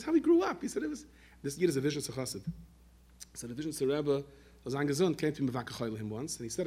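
A man giving a storytelling sermon, animated, weaving Yiddish and Hebrew terms into his talk. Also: mid-range voice, husky. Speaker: rabbi telling stories.

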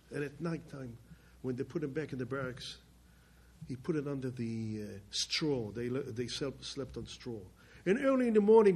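A man telling a personal story in plainspoken speech, swinging between loud emphatic bursts and quiet low passages. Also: slightly rough. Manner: plainspoken, with restarts and loose grammar. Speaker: speaker telling his life story.

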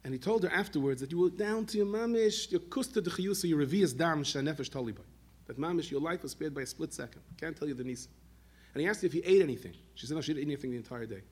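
A man giving a sermon, telling stories in an animated way and mixing in Yiddish and Hebrew words. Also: a little high, fast talker, husky. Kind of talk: sermon storytelling.

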